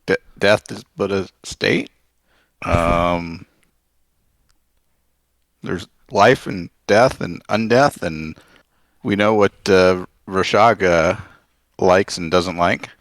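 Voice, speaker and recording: A man speaking in character as a player in a tabletop game, in a slow, deliberate way. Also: deep voice, dry recording.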